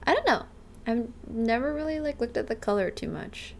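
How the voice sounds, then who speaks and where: Woman, twenties, casual stream chat, chatty, gravelly fry, faint background noise. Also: on the high side, lively intonation, moderate pace. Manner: chatty and bubbly, lots of "like", thanks subscribers by name. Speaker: livestreamer. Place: rented apartment.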